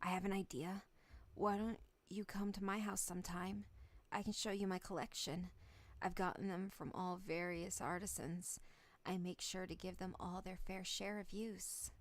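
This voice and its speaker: A woman voicing an obsessive, shy teenage girl, reading game dialogue in a soft, low, breathy and creepily devoted way. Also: fairly even intonation, moderate pace, no echo, natural voice. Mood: eerie devoted. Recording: faint background music.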